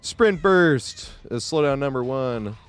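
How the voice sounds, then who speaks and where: A man's voice: medium pitch, lively intonation, slow, clean tone. A man streaming a game live, chatting casually with viewers, swearing freely and laughing often as he reacts to play.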